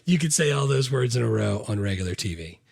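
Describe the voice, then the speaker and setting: A man co-hosting a movie podcast, chatting casually, halting with many ums and uhs and making wry jokes. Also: mid-range voice, animated, vocal fry, breathy edge, no room sound, studio quality. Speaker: podcast co-host. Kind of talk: casual movie-review chat.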